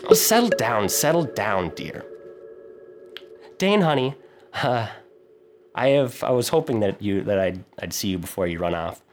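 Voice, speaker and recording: A man voicing a fussing, doting middle-aged mother in a tabletop game, high and sweet-talking. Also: animated, unhurried, pauses often, slight background noise. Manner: shrill scolding, then sweet-talking.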